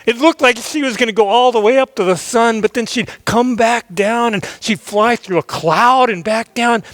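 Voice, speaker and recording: A male pastor telling a children's story in an animated way, acting out the scenes. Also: very high-pitched, moderate pace, no echo.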